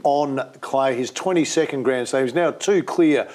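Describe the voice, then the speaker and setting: A man with an Australian accent hosting a sports show, talking briskly and calling his co-host "mate". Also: medium pitch, darkish tone. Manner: brisk, chatty, says "mate" a lot. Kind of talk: casual sports chat.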